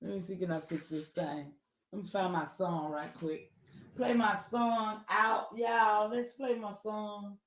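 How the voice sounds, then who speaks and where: Woman, preachy folksy talk, slow unhurried pace, echoey room. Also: medium pitch, fairly even intonation. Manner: preachy, folksy, repeats herself for emphasis. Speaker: speaker at an online symposium. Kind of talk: casual heartfelt address to listeners.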